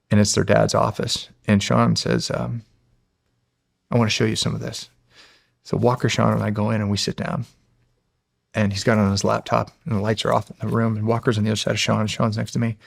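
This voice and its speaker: Gravelly-voiced middle-aged man telling stories. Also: on the low side, no room sound, studio quality. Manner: animated storyteller, acts out quotes, frequent restarts. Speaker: podcast guest, former Navy SEAL. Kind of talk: storytelling in a long-form interview.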